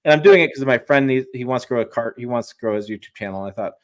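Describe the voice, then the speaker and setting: A man with an ordinary mid-pitched voice talks in a loose, rambling way, full of restarts and false starts. He sounds eager and chatty, like a guest on a casual livestream who could go on for hours. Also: rapid-fire. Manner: rambling, restarts often, enthusiastic. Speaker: guest truck reviewer.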